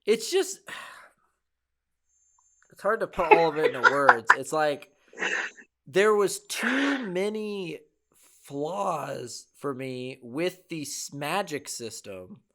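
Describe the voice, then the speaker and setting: Hesitant young man with a higher voice. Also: big pitch swings, takes it slowly, pauses often, fairly bright tone. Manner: hesitant, searching for words. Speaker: podcast co-host. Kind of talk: casual film review chat.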